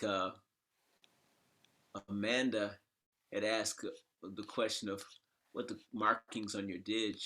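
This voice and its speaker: A man's voice: lowish voice, bright, forceful tone. A man hosting a live stream, talking in a loose, rambling way with restarts. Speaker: show host.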